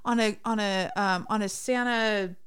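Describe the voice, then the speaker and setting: A woman's voice: medium pitch, fairly even intonation, measured pace, fairly bright tone. Chatty woman retelling a funny scene. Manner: chatty, lots of "like" and "you know". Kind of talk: casual chat recapping a movie.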